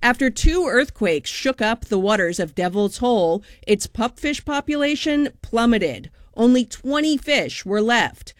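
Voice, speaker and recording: Female correspondent, scripted news piece, even and clear, dry sound. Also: on the high side, unhurried, few pauses, no echo. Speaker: radio correspondent.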